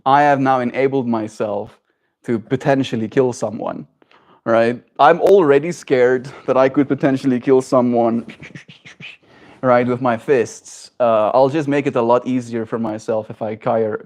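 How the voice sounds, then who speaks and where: A man's voice: medium pitch, moderate pace. A young man from South Africa with a self-shaped neutral accent, live streaming and chatting casually with viewers, peppering his talk with "like" and "right?". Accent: self-shaped neutral, slightly American-leaning. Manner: chatty, animated, frequent "like" and "right?" tags. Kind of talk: casual chat reading viewer comments.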